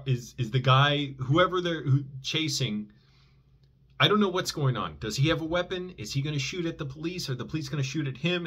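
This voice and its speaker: Brief: man in a mid-pitched voice, vlogger recounting a personal story, loose and rambling, lots of self-corrections. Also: fairly bright tone, slightly rough.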